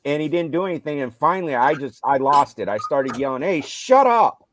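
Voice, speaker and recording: A middle-aged man, a football coach, casually retelling stories from his games, getting loud and animated when he quotes himself. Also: mid-range voice, fast, crowd noise. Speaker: high school football coach. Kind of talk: casual storytelling on a live show.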